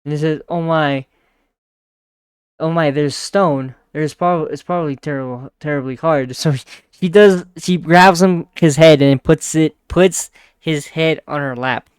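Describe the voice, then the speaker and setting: A man casually retells a manga chapter, often chuckling as he goes. He drops into a softer voice for the characters' lines. His voice is smooth and a little high, recorded dry and close. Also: measured pace, no echo. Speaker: manga reviewer.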